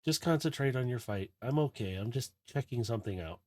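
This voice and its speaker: A man voicing a calm, watchful female robot scout, low-key and matter-of-fact. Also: brisk, no echo, natural voice.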